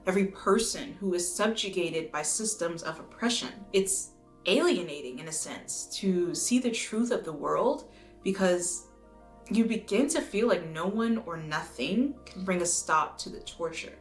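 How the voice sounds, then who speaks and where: A woman from the United States reading a scripted video essay in an earnest, measured way, now and then swearing for emphasis. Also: fairly low pitch. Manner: earnest, measured, occasionally profane. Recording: roomy echo with faint music.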